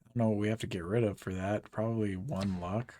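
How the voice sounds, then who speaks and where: A man's voice: fairly low pitch, fairly even intonation, fast, mellow, slight background noise. A man giving casual, exasperated commentary while playing a game, swearing and laughing as he rants. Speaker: gaming channel host.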